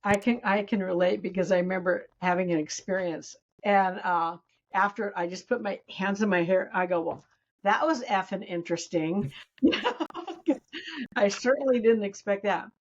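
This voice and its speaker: A woman interview host with a mid-pitched voice answers her guest with short, friendly affirmations and a quick story of her own. The recording sounds a little dull and lo-fi. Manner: brief affirming interjections, laughs along. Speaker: podcast host. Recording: slightly dull, lo-fi audio.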